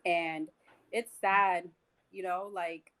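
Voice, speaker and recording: A woman's voice: lowish voice, fairly even intonation, takes it slowly, fairly bright tone, rough recording. A woman in her twenties, a teacher, speaking as a podcast guest over a video call in an earnest, thoughtful way. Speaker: high school teacher guest. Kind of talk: casual podcast conversation.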